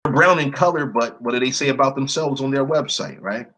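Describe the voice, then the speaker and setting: Husky guy doing a screen share, reading lists of words out loud, blunt, swears a bit. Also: medium pitch, brisk, low-quality recording. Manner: reads long word lists aloud, blunt and cursing. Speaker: presenter.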